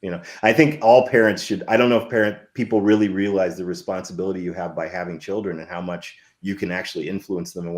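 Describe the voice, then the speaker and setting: A low-pitched man in his fifties, a filmmaker appearing as a guest, tells stories in a casual interview. He's animated and rambling, restarting many times.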